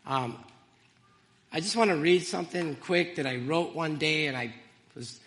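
A man giving an emotional, halting church testimony, with fillers and small laughs. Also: a little high, fairly bright tone, big-room sound.

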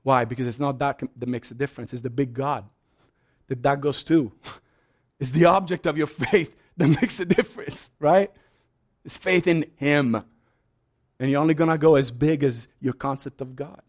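A man preaching a sermon as a pastor, passionate, swinging from soft asides to loud, high exclamations. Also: steady tone, moderate pace.

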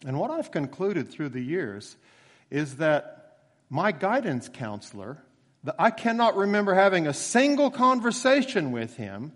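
A man preaching a sermon in a relaxed, conversational way, slowing down to stress key phrases. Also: fairly high pitch, in a large hall. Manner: conversational storytelling with emphatic slowed phrases.

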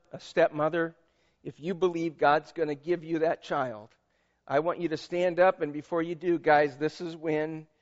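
Man, pastor, high voice, emphatic conversational sermon, slightly dull recording. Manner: emphatic, conversational preaching with audience asides.

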